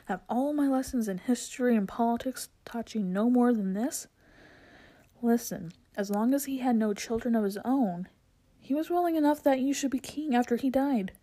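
Old learned tutor figure in a storybook reading, earnest and mellow-toned read by a woman. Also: a little high, moderate pace, natural voice. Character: old male tutor, learned, urgent and protective.

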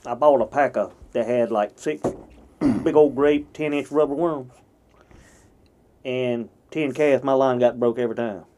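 An older man, telling fishing stories as a guest in a folksy, drawn-out way. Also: medium pitch, dark tone. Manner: folksy, drawn-out storytelling with old-timer phrasing. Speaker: podcast guest. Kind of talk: casual storytelling chat.

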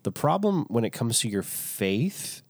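A man co-hosting a casual faith podcast, playful and quick to joke. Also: medium pitch, sing-song, no room sound. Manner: playful, jokey, jumps into silly voices. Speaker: podcast co-host.

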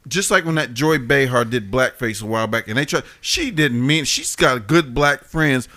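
A man's voice: mid-range voice, normal speed, pushed and bright. A man co-hosting a podcast, speaking earnestly and ranting in casual chat. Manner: earnest, ranting about politics. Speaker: podcast co-host.

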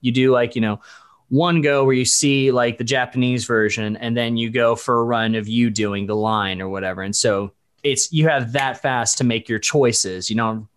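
A man's voice: medium pitch, fairly even intonation, moderate pace, clear, resonant tone. A man from the Dallas-Fort Worth area, a voice actor guest in a casual podcast interview, rambling and correcting himself as he goes. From Dallas-Fort Worth area, USA. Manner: rambling, stop-start, self-correcting, laughs often.

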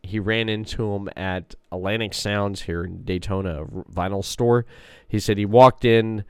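Low-voiced laughing male podcast host. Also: steady tone, normal speed, clear, resonant tone, dry recording. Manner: rambling storyteller, laughs often. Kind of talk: casual chat.

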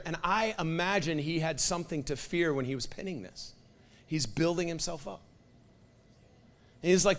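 A young man preaching a sermon. He talks casually with lots of "like" and builds to loud, passionate declarations. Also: a little high, normal speed, pauses often. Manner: impassioned, builds to loud prophetic declarations with fillers like "like".

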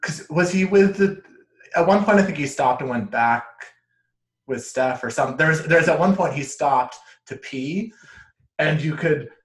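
A man's voice: a little high, normal speed. A man co-hosting a casual podcast, joking wryly and laughing often. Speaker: podcast co-host. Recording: roomy echo.

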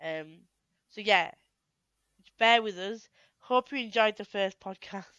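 This podcast co-host is a young woman on a headset mic, chatting casually, laughing a lot and restarting her sentences in quick bursts. Her medium-pitched voice is a bit bright, with no room sound, and the recording is muffled.

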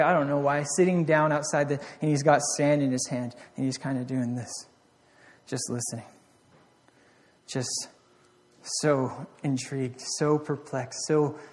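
In a sermon with a big-room sound, a slightly high-voiced man alternates between loud urging and hushed reflection. He's earnest and often repeats and restarts his phrases.

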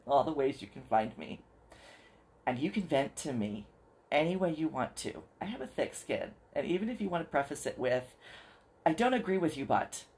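A podcast host talking straight to listeners in an earnest, encouraging way, slowing down to spell things out. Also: mid-range voice, darkish tone. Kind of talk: solo podcast talk to listeners.

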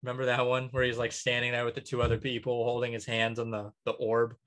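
Podcast guy just rattling off a list, lots of ums, kinda chuckly, average pitch. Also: completely flat delivery, fast, a bit bright. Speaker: podcast co-host. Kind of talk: casual chat.

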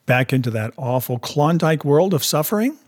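Guy reading a story and doing a young wife, pitched up high, pleading and emotional, kinda husky. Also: lively intonation, normal speed, dry recording, studio quality. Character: gentle, earnest young wife, a woman.

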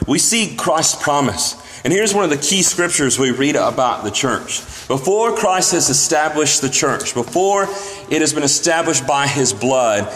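A man's voice: on the high side, fairly bright tone, big-room sound. A man preaching a sermon in a church, earnest and emphatic, lifting his voice when he quotes scripture. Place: church sanctuary.

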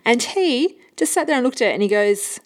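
A woman's voice: a little high, lively intonation, brisk. A woman hosting her own podcast, telling stories in a casual, chatty way and laughing often. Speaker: podcast host. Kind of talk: casual solo podcast chat.

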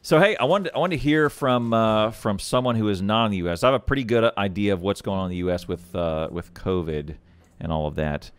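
A man's voice: lowish voice, brisk, clean tone, no room sound. A man guest-hosting a casual podcast chat, thinking aloud and rambling with frequent restarts. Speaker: guest host.

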